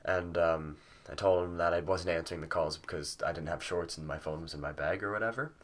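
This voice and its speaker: A man's voice: deep voice, a little fast, fairly bright tone. A young man, probably in his late teens, telling a casual story at home, rambling with lots of fillers and swearing freely. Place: at home with a cat nearby.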